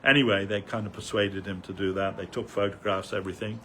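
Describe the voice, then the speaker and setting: A man's voice: lowish voice, flat delivery, fast talker, pushed and bright, slight background noise. An older man giving a rambling, anecdotal remembrance talk as a devotee speaker at a temple festival, with many fillers, restarts and chuckles.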